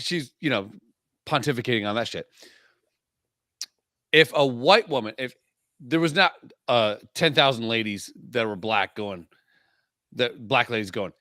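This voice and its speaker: This man's mid-range voice is expressive with a sharp tone as he co-hosts a podcast, cracking provocative, profane jokes in crude casual banter with fast-shifting emphasis. The audio is clean studio sound without room sound.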